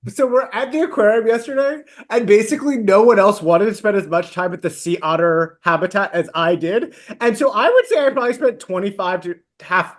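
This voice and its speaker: A man's voice: high voice, fairly bright tone. A man co-hosting a podcast in casual chat, wordy, playful and a little sentimental. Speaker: podcast co-host.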